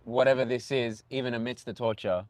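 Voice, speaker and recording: Calm, reflective man in casual talk. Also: medium pitch, brisk, dry recording. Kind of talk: casual conversation.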